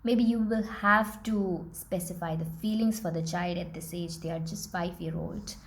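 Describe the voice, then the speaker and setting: A woman's voice: fairly low pitch, normal speed, slight background noise. A woman teacher, patiently explaining step by step how to teach a young child.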